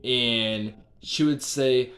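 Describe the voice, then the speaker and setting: A man's voice: mid-range voice, extremely slow, fairly bright tone. A young man casually retelling a strange dream, rambling with constant fillers and the odd swear word. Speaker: vlogger.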